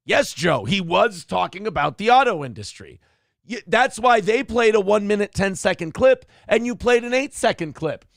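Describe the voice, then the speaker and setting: A male host with a high, gravelly voice that swings wildly up and down, firing off sarcastic, profane jabs. His delivery is a mocking comedic rant. The sound is close and dry, with no room around it. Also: a bit bright, no room sound. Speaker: podcast host.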